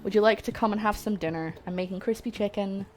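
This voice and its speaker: A woman with a British accent hosts a live cooking stream, speaking at a quick pace in a mid-range voice. She keeps up casual, self-mocking chat with her viewers as she cooks.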